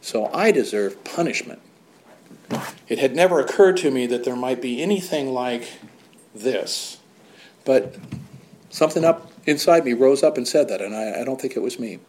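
A man's voice: medium pitch, a little hiss or hum. A man candidly telling his own recovery story with blunt words and wry, self-deprecating humor. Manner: blunt with casual swearing.

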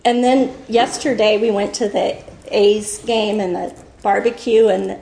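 A woman's voice: mid-range voice, fairly even intonation, measured pace, vocal fry, dark tone, a little hiss or hum. A woman in her fifties sharing her story at a recovery meeting, rambling with many fillers and laughing through emotion. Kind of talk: personal share at a meeting. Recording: echoey room.

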